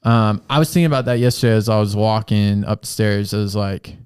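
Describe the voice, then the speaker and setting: A man's voice: fairly low pitch, fairly quick, a little mellow, clear, resonant tone. A man co-hosting a podcast in a casual, chatty way, laid-back and slangy, who laughs often. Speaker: podcast co-host and youth pastor. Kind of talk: casual chat.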